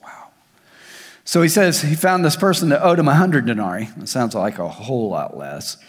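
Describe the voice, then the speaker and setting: A male pastor preaching a sermon, swinging between raised emphasis and soft, hushed asides. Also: medium pitch, moderate pace. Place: large church hall. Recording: long hall reverb.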